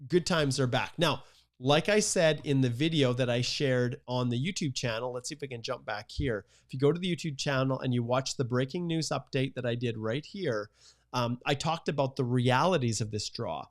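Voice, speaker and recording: A man's voice: medium pitch, moderate pace. A man around fifty, hosting a live-stream Q&A, greeting viewers in an upbeat, enthusiastic way. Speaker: immigration live-stream host. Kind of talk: live-stream Q&A shout-outs.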